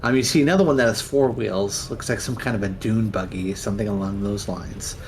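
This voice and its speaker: A man acting as game master, narrating a tabletop game in a halting way with many fillers. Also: on the low side, a little mellow, slight background noise.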